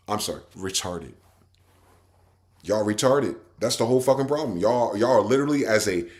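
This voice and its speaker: Profane ranting man. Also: mid-range voice. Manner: profane, confrontational, swings from loud to muttering. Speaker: podcast host. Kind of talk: ranting commentary while reading definitions aloud.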